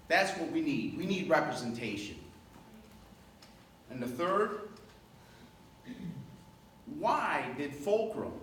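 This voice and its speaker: A man's voice: high-pitched, a bit bright. A man making an emphatic, rhetorical public comment at a town meeting, posing pointed questions to the board. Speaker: resident speaking at public meeting. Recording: echoey hall from far off, noisy.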